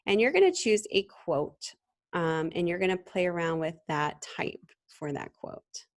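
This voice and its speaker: In a screen-recorded software tutorial, a female design instructor teaches a design class. She talks in a relaxed, conversational manner, often saying "um" and restarting her sentences. Her voice is lowish and her delivery unhurried.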